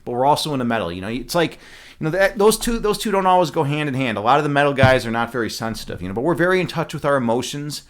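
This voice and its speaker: A man's voice: medium pitch, expressive, very fast. A man streaming live, chatting loosely with his viewers, rambling with many fillers and restarts and laughing at his own jokes. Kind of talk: casual chat with live chat.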